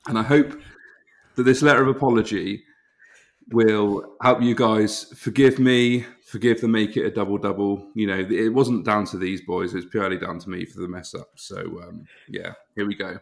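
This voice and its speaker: A podcast host, an Englishman with an English accent and a fairly low voice. He reads out a comic apology with deadpan, mock-solemn formality, keeping his delivery steady and formal. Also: moderate pace, creaky. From England.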